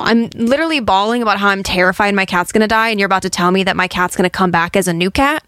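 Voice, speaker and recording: A woman's voice: medium pitch, quick pace, few pauses, smooth, dry recording. Chatty woman podcast host, dry sound. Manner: chatty and expressive, acts out quotes. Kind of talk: casual chat.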